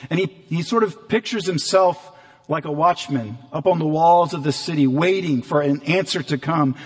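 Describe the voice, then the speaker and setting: A man preaching a sermon as pastor, earnest and animated, sometimes acting out the voices in the story. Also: a little high. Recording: long hall reverb.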